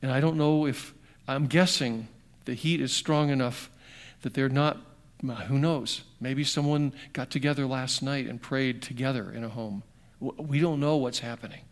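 A middle-aged man preaching a sermon conversationally, asking his congregation questions and swinging between emphatic bursts and quiet, slowed passages. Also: mid-range voice. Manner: conversational, asks the audience questions. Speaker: pastor.

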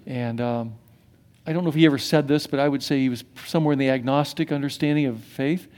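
A middle-aged man preaching a sermon as pastor, animated and swinging from hushed to emphatic, with many restarts. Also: medium pitch, quick pace.

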